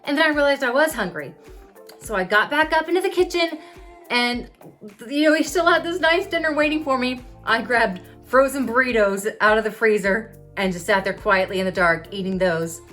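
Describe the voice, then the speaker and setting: A woman's voice: on the high side, moderate pace, a bit bright, soft background music. A woman in her thirties vlogging candidly about her epilepsy, talking openly and conversationally to her viewers. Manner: open, confessional, conversational with fillers. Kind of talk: candid personal storytelling to camera.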